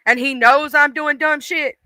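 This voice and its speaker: A woman's voice: high-pitched, fairly even intonation, a little slow, sharp tone, dry recording, low-quality recording. A woman hosting a casual live stream, chatting and laughing, greeting viewers by name.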